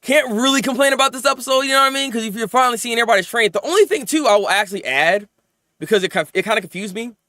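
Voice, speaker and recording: A man reviewing anime episodes in casual, animated chat, venting and rambling as he goes. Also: very high voice, dry recording. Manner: animated, rambling, quick to vent.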